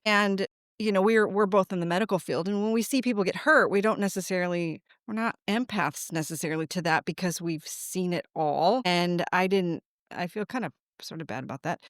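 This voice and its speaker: A woman's voice: mid-range voice, smooth, dry recording. A middle-aged woman speaks in an earnest, meandering way, restarting her thoughts often. Her voice sits in a middle register and sounds dry and close, with no room around it. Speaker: guest, deputy's mother. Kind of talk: casual conversation.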